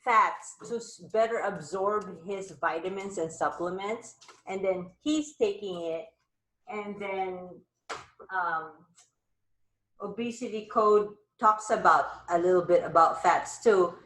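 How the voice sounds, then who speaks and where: A woman hosts a casual live chat on a video call, rambling cheerfully from one point to the next. She takes her time and talks at an unhurried pace. Her voice carries a roomy echo. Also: medium pitch, fairly bright tone, a little hiss or hum. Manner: chatty, rambling, upbeat. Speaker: host of a live wellness chat.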